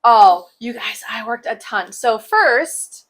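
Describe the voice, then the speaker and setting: Bright-voiced young woman, sarcastic chat. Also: a little high, lively intonation, slow pace. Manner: sarcastic, joking, laughs often. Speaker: cross-stitch show host. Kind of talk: casual chat.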